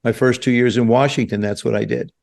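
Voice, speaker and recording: Man in his seventies, from New Jersey, podcast guest, animated storyteller, average pitch. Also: brisk, gravelly. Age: 70s. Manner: animated storyteller, acts out quoted voices. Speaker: guest, former quarterback. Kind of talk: storytelling interview. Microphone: podcast studio mic.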